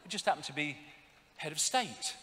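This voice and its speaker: A man giving an animated, sarcastic live lecture with slides, swearing often. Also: fairly high pitch, normal speed, in a large hall, a little hiss or hum. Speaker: public speaker.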